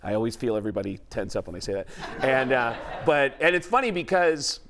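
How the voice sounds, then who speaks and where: A man's voice: mid-range voice, fairly quick, noisy background. A man from the Bronx, a comedian and impressionist guest, telling stories on a talk show and slipping into voices. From the Bronx, New York. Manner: animated, jumps into voices and impressions.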